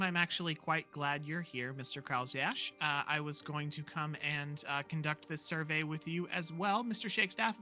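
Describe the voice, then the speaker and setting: A man's voice: fairly high pitch, normal speed, few pauses, pushed and bright, soft background music. A man playing his character in a tabletop game, speaking in a stiffly formal, polite way. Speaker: player.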